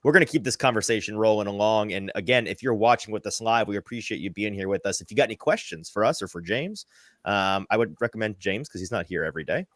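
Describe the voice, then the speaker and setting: A man hosting a live sports podcast, asking questions and steering the show along briskly. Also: fairly low pitch, animated, fairly bright tone, no echo, studio quality. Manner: brisk, keeps the show moving. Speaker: podcast host.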